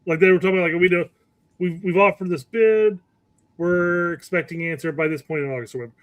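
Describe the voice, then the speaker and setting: A man with a notably high voice co-hosting a casual soccer podcast, recorded very dry and close. He talks in a wry, self-mocking way and likes to mimic official announcements. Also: fairly even intonation, quick pace, no echo. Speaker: podcast co-host.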